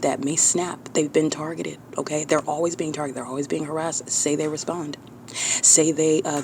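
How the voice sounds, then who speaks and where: Self-documenting vlogger at mid pitch, insistent and repetitive, faint background noise. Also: a little mellow. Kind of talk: monologue to camera.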